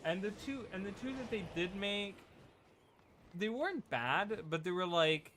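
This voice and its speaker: This man's voice sits high and sounds expressive and fairly bright, moving at a measured pace over slight background noise and game music. A gaming video creator on a USB desk mic, he rambles chattily as he plays, with many restarts.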